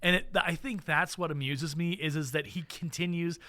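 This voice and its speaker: A man's voice: fairly high pitch, steady tone, moderate pace, pushed and bright, dry recording. A man co-hosting a podcast in casual chat, enthusiastic and rambling with frequent restarts. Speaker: podcast co-host.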